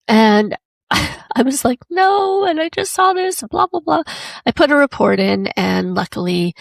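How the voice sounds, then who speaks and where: Hosting a solo podcast, a woman shares a personal story in a chatty, emotional way, acting out the voices she quotes. Her voice is fairly low and creaky, with no echo.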